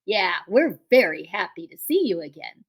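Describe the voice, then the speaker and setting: A woman's voice: mid-range voice, very animated, moderate pace, slightly rough. A woman voicing a sulky young male bear who tags along and whines. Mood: whiny. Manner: whiny, echoing, sulky. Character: whiny young male bear, tagalong bully.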